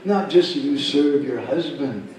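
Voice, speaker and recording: A man's voice: on the high side, unhurried, a little mellow. A man at a devotional camp telling a story and acting out its characters. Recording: echoey hall, speaker far from mic.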